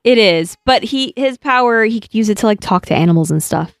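A woman's voice: fairly high pitch, lively intonation, brisk, smooth, no echo, clean studio sound. Hesitant woman explaining a cartoon. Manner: hesitant, many fillers and restarts. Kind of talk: casual chat.

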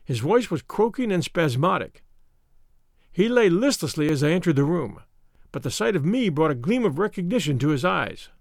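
A man reading a classic detective story aloud in first-person audiobook narration, measured and expressive. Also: on the high side, gravelly, no room sound, clean studio sound.

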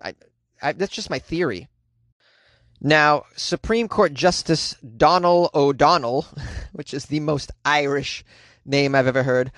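A man delivers comedic news commentary in a ranting, sarcastic way, full of crude jabs. His voice sits a little high for a man, and the sound is dry and close. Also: measured pace, fairly bright tone, dry recording. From United States.

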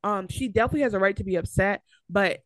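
A woman's voice: mid-range voice, quick pace, no echo. Dry, fired-up woman podcast co-host. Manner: animated, argumentative, lots of fillers and restarts. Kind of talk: casual chat.

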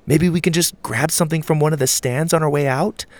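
A man voicing a clever, sarcastic girl in a children's story, talking quickly and eagerly. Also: on the high side, steady tone, dry recording, pitched above the performer's own voice, lightly acted. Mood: casual. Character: sharp, clever young girl, a twin. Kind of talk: storybook character reading.

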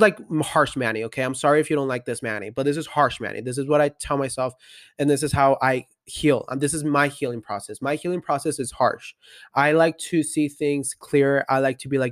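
A man's voice: medium pitch, fairly bright tone, no echo, studio quality. A nineteen-year-old man speaking candidly in a personal confessional monologue, full of fillers and blunt statements. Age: young adult. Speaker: podcast host.

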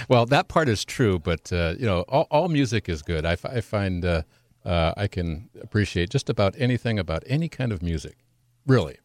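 A man on a radio show speaking haltingly, with many pauses and restarts. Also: sits low, expressive, darkish tone, dry recording. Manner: halting, full of fillers and restarts. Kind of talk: casual radio chat.

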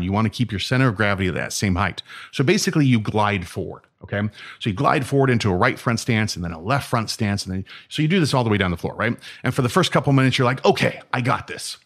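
Lively male guest storyteller, voice swings up and down, keeps checking in with "right?". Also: on the low side. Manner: animated, acts out dialogue, says "right?" often. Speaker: martial arts instructor and guest. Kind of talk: casual storytelling.

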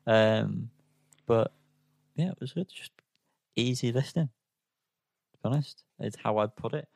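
A man's voice: mid-range voice, a little slow, gravelly, darkish tone, no echo, studio quality. A man co-hosting a casual album review chat, hesitant and self-deprecating, full of ums. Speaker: podcast co-host reviewing albums.

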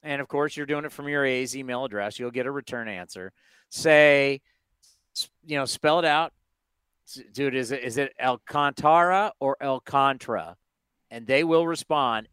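Animated male sports radio host. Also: fairly high pitch, smooth, no echo. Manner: animated, rapid rhetorical questions, emphatic. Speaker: sports talk show host. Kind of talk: casual baseball talk.

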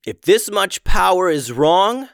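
Scheming male evil wizard, voiced by a man smug and sarcastic, with a lively, animated pitch. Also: slow pace, no room sound, clean studio sound, full character voice.

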